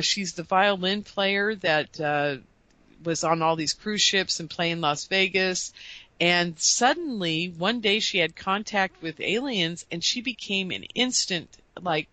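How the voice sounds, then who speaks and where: A woman's voice: mid-range voice, bright, forceful tone, dry recording, poor audio. A woman, a conference organizer, telling a story in a casual interview and stumbling over repeated words.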